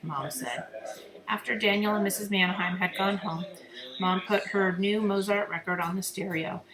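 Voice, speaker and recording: A woman reading a children's novel aloud with expressive storytelling. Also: fairly low pitch, moderate pace. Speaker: reader. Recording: roomy echo, crowd murmur behind.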